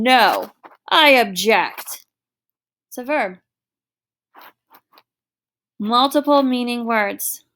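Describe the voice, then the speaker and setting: A woman's voice: on the high side, fairly bright tone. A middle-aged woman teacher giving a recorded online lesson, explaining patiently with everyday examples.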